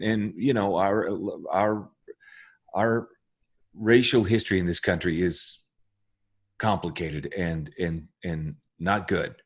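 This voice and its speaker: A lead pastor in earnest conversation. His voice sits low, and he speaks haltingly, repeating his words and apologizing as he goes.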